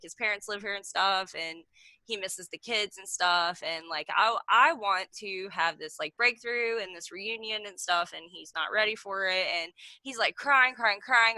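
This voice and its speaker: A woman's voice: mid-range voice, normal speed, bright, forceful tone, no echo. A woman in her thirties telling a rambling story on a video call, filling every gap with "like". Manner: rambling, packed with "like" fillers. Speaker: meeting participant sharing a story. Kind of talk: casual chat on a video call. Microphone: video call mic.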